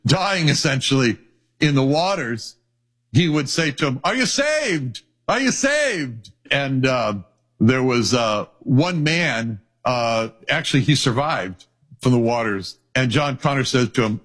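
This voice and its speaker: A man's voice: medium pitch, fairly bright tone. A man preaching a sermon in an earnest way. He repeats key phrases for weight and reads scripture passages aloud in old-fashioned wording. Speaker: pastor.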